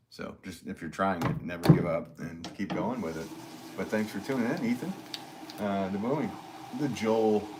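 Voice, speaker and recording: A middle-aged man, a potter hosting a casual livestream, reading out chat comments in a relaxed, rambling way with fillers and soft chuckles. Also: sits low.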